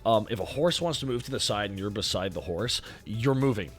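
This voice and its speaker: A man's voice: lowish voice, animated, brisk, soft background music. A Canadian man with a Canadian accent, hosting a stream in rambling casual chat, swearing freely and restarting his sentences. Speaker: streamer host.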